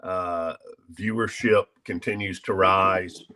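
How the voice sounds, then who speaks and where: A man working as a college sports consultant, talking on a panel in a measured way, with many fillers and an upbeat outlook. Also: sits low, steady tone, pushed and bright. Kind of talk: casual panel discussion.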